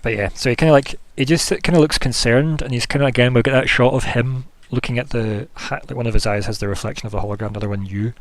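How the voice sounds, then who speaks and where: A man's voice: medium pitch, steady tone, fast, hardly any pauses, no echo. A man narrating as game master, describing scenes loosely with many fillers.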